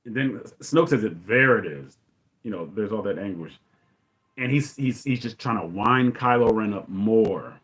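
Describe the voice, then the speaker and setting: Rambling man recapping a film scene. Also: on the low side. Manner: rambling and enthusiastic, acts out dialogue in quick voices. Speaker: podcast host. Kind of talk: casual movie commentary.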